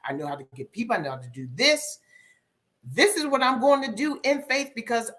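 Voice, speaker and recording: Guesting on a podcast, a middle-aged woman who works as a life coach reflects candidly on her story, pausing often and repeating phrases. Her voice is a little high, expressive, and a bit bright.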